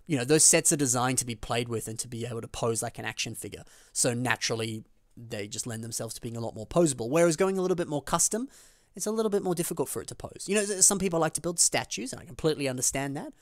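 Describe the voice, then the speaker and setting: A man hosting a building show, chatting casually and enthusiastically about fan builds, his voice leaping up in pitch on the words he stresses. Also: lively intonation, quick pace, no echo, studio quality. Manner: enthusiastic, with big pitch jumps on emphasis; chatty, with frequent fillers and restarts.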